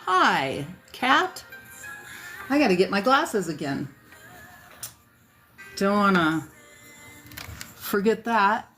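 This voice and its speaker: This South Dakota livestream host has a mid-range, fairly bright voice and is very animated yet very slow, pausing often. She greets viewers by name and chats loosely with fillers and asides, a bit weary at day's end, over faint background music.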